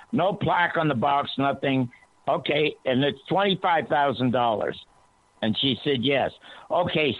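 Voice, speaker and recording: A man on a talk radio show telling an animated story, his voice climbing high when he quotes himself. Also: no room sound. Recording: tinny phone-line sound, dry.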